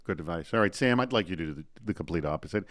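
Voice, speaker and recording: A man hosting a live online talk show, chatty and energetic as he runs through announcements and introduces guests. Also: sits low, rapid-fire, no room sound.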